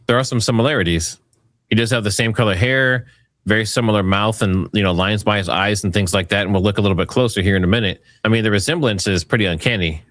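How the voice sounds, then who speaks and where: Low-voiced casual male commentator. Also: fairly bright tone, no echo, studio quality. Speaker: commentary host. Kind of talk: online commentary.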